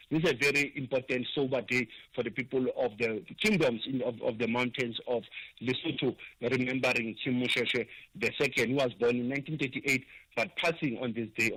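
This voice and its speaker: Brief: male radio guest, mid-pitched, filler-laden speech, dry close sound. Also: fairly bright tone, dry recording, low-quality recording. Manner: hesitant, with many uh fillers. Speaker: guest commentator. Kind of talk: radio commentary.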